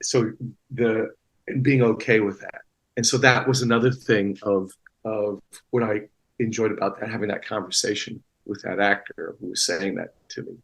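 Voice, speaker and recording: A man's voice: fairly low pitch, fairly even intonation, normal speed, husky, low-quality recording. A man talking as a guest actor in a casual interview, rambling with many restarts and fillers.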